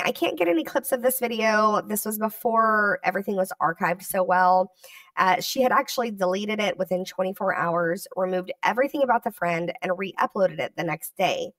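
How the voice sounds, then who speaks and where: A woman narrating a commentary video in a measured, scripted way, reading out dates and comments. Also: mid-range voice, no echo, recorded from a distance.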